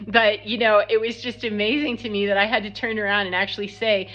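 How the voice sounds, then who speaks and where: A woman telling a story in a casual, blunt, animated monologue that acts out what people said. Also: medium pitch, brisk, hardly any pauses. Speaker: spiritual vlogger. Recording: slightly dull lo-fi sound.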